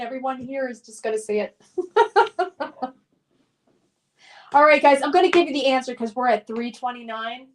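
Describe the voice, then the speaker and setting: A middle-aged woman with a high voice hosts a casual live stream. She reads viewer comments aloud and answers them in a friendly, nostalgic way, often pausing on "um" and "uh". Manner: nostalgic and upbeat, with frequent fillers.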